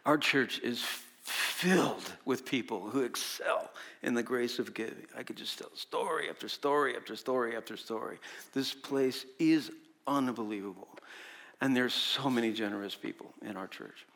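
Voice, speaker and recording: A man preaching a sermon as pastor, telling stories with animation and dropping to hushed tones on key points. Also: mid-range voice, moderate pace, vocal fry.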